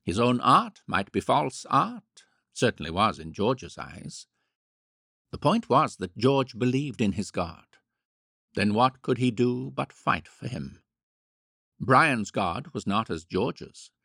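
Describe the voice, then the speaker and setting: A man narrating a classic novel in a measured, wry manner. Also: mid-range voice, sing-song, gravelly, sharp tone, slightly rough, no echo, studio quality. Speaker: audiobook narrator. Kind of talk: scripted narration.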